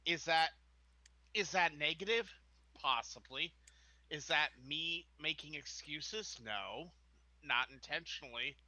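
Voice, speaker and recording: Earnest, bright-voiced male co-host. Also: a little high, no echo, rough recording. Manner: earnest, emphatic, speaks in measured statements. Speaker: co-host of a live-streamed talk show. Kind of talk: casual chat.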